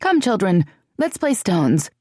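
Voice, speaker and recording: A spirited, proud young woman from a fantasy storybook, put on by the narrator. Her lines come pitched high, sharp and indignant. The reading is close and dry. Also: big pitch swings, takes it slowly, dry recording. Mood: wary, challenging.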